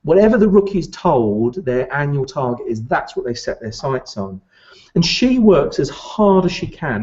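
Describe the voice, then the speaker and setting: A man coaching recruitment business owners in an animated direct-to-camera talk, often putting questions straight to the listener. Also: mid-range voice, highs cut off.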